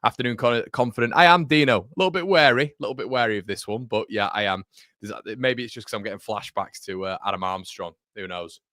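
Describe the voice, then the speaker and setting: A man with a lowish voice hosts a casual fan livestream, reading viewer comments aloud and chatting back to them. He rambles a little, corrects himself mid-sentence and keeps calling people mate. The sound is close and dry, with no room around it. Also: fast, pushed and bright, dry recording. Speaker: fan channel host.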